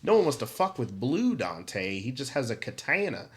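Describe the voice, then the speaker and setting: A man's voice: medium pitch, big pitch swings, normal speed. Man, comedic game ranter; profane, rambling, mock-indignant, exaggerated. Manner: stammering restarts, goofy exaggeration. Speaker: channel host. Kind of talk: comedic video game rant.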